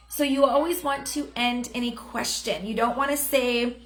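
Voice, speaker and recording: Streaming live from her home, a woman in her thirties delivers a cheerful sales training session and often performs example messages. She speaks a little high in a steady, fairly bright tone at a moderate pace with few pauses, in an echoey room captured by a phone or webcam.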